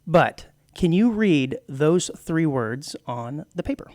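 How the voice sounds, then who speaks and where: A man's voice: a little high, expressive, takes it slowly, a little mellow, no echo, clean studio sound. A man co-hosting a radio show, explaining at length in casual chat with many restarts. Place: radio studio.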